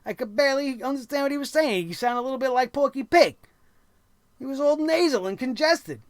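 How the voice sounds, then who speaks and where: Blunt, profane wrestling show ranter. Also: male voice, very high-pitched, expressive, brisk, dry recording, clean studio sound. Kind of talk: ranting show review.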